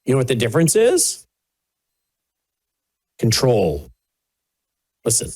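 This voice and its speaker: A man's voice: medium pitch, wildly swooping pitch, slow, darkish tone. A man hosting a political commentary show, talking indignantly and with sarcasm over played clips. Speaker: host.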